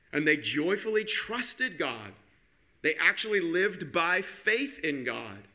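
A man preaching a sermon with emphatic delivery, slowing down and speeding up to stress his points. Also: sits high, bright, forceful tone. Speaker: pastor.

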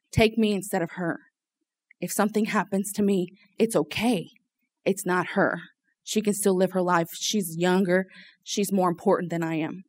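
A woman, sharing an earnest personal testimony with a church group, halting and full of fillers. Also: on the low side, no room sound. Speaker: church speaker giving testimony.

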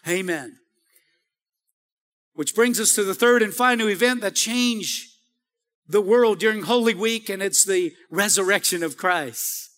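A man with a very high, bright and forceful voice preaches a sermon. He calls out for responses and climbs to shouting peaks. The sound carries a long hall reverb from the church. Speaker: pastor. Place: church sanctuary.

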